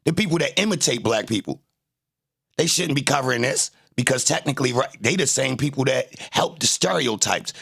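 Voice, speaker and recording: A man's voice: mid-range voice, lively intonation, fairly quick, creaky, a bit bright, breathy edge. A man livestreaming, arguing with his chat in a confrontational, taunting way and repeating his jabs. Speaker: livestreamer reacting to trial footage. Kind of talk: casual live-stream commentary, arguing with chat.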